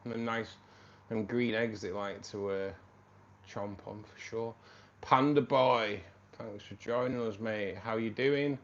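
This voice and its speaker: A man's voice: lowish voice, fairly even intonation, takes it slowly, muffled recording. Chatty man on a livestream. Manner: chatty, calls viewers mate, reads out chat. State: voice tiring. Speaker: livestream host. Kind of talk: casual livestream chat. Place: home room.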